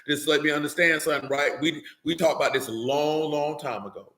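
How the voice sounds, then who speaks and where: A man preaching a fiery, blunt sermon, scolding his listeners with rhetorical questions and rising to shouts. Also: on the high side, brisk, hardly any pauses, reverberant. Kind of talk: fiery street-style sermon.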